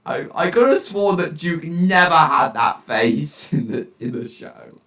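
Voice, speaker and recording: A man's voice: fairly high pitch, big pitch swings, slow, fairly bright tone. Chatty teen boy, roomy distant mic. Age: teens. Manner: chatty, reacting aloud to viewer chat messages. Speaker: live streamer. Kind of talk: casual live-stream chat while gaming.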